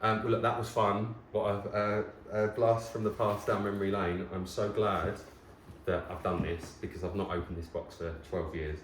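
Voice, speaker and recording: An excitable man in his thirties with a low, deep voice, chatting casually to camera as he sorts through his things. He gasps and rattles on in a nostalgic, chatty way. The room is roomy and echoey, with a faint hum of ambience behind him. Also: moderate pace. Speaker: vlogger host. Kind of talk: casual chat.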